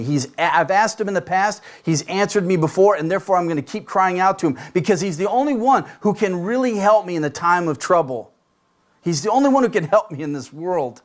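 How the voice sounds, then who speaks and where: A middle-aged man preaches in an easy, conversational way, pitched a little higher than most men. He keeps checking in with his listeners through rhetorical questions as he moves through the scripture. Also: fairly quick. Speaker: pastor. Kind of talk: sermon.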